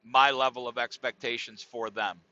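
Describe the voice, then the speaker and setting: Middle-aged dude rambling on his podcast, bright slightly high voice, dry dull lo-fi sound. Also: little pitch movement, normal speed, no echo. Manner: rambling, profane, laid-back. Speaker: podcast host. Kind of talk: casual comedic monologue.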